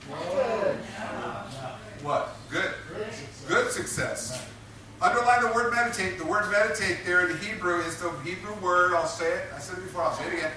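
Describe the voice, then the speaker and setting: A man's voice: high-pitched, normal speed, long pauses, sharp tone, slight background noise. A man preaching a sermon, emphatic and repetitive, drawing responses from his congregation. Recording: echoey room picked up from a distance.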